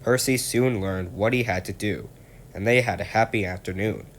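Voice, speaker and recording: A man reading a children's railway story aloud in a calm, steady way. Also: fairly low pitch, moderate pace.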